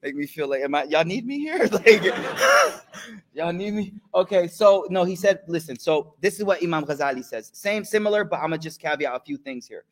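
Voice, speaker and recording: A man's voice: fairly high pitch, lively intonation, brisk, slight background noise. A man giving a casual sermon to a live study circle, talking in slang, asking the audience questions and mixing in recited religious phrases. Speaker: teacher leading a study circle.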